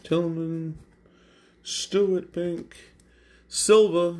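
A man's voice: on the high side, slow pace, vocal fry, long pauses, a little mellow. A man hosting a card break, calling out card names one at a time as he opens packs. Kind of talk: live card-break commentary. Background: crinkling and tearing of packs.

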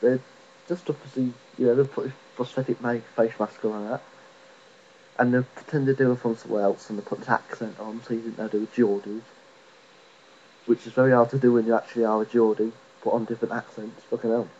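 A man's voice: medium pitch, level tone, fairly quick, mellow, a little hiss or hum. Sweary man ranting, lo-fi recording. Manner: rambling, sweary, mocking. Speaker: vlogger. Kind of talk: profane rant to camera.

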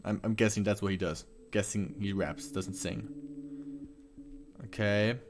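A man's voice: on the low side, steady tone, unhurried, background noise. A man hosting a reaction video, chatting casually with lots of fillers and restarts. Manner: hesitant, many fillers and restarts.

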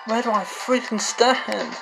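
A man's voice: sits high, measured pace, vocal fry, poor audio. A man giving frustrated gameplay commentary, swearing and exclaiming. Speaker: gamer. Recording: game music behind the voice.

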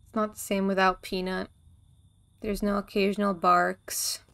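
A woman giving deadpan, darkly joking commentary while she plays a video game and reads its text aloud. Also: medium pitch, unhurried, gravelly, clean tone. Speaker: gaming video creator. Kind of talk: let's play commentary.

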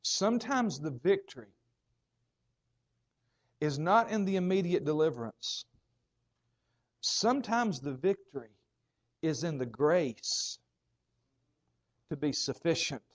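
High-voiced man preaching a sermon. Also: animated. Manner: preaching with dramatic pauses and repeated phrases. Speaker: pastor.

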